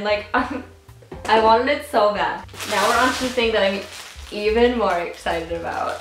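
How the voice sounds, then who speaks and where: A young woman vlogging an unboxing at home, gushing and excitable, often squealing and laughing. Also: mid-range voice, moderate pace, echoey room, over music, poor audio. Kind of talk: casual unboxing vlog.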